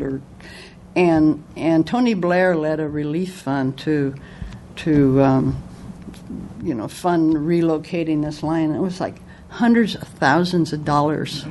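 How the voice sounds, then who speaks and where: A woman's voice: low-pitched, mellow, slight background noise. A woman giving a casual spoken book review, retelling its anecdotes in a conversational way.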